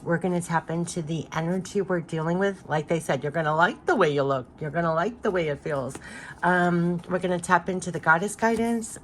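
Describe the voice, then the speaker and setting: A woman in a relaxed card-reading monologue, her pitch sitting somewhat low. Her voice is congested from allergies, and she talks in loose, repetitive phrases with many fillers. A faint hum of ambient noise sits behind her. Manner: chatty, repetitive, with frequent fillers and laughs. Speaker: spiritual card reader. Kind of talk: casual spoken card reading.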